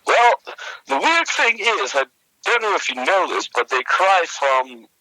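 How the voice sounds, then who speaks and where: Young man, comedy podcast co-host, rambling halting delivery, bright tone, lively pitch. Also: no echo, low-quality recording.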